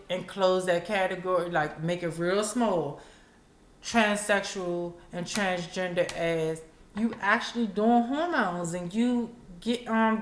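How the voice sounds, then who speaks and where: A woman host talks in loose, candid commentary, her voice sitting at a middle pitch. The sound bounces around an echoey room. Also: fairly bright tone. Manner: candid, conversational, acts out quotes. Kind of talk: casual commentary.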